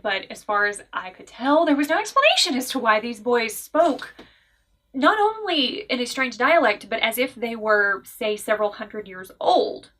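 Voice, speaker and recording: A Southern woman with a Southern US accent, casually reviewing a book in a chatty, animated way with frequent laughs and asides. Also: a little high. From American South.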